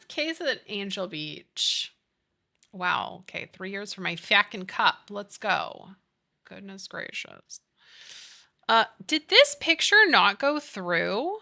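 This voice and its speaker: A young woman streamer chatting casually while she plays, giggly and quick to swear. Her voice is very bright, and her pitch swings widely as she talks. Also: very animated. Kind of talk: casual live-stream chat while gaming.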